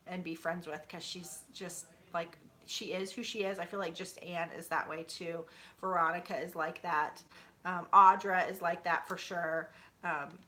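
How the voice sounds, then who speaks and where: Woman, 30s, bright voice, chatty vlogger, rambling with fillers, sitting on her bed at home. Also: lowish voice. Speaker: YouTuber. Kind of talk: casual chat with viewers.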